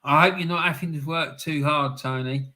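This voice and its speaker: A man's voice: on the high side, fairly even intonation, moderate pace, sharp tone. A middle-aged man hosting a casual live stream, reading out chat comments in a chatty way with lots of ums, frequent laughs and "mate".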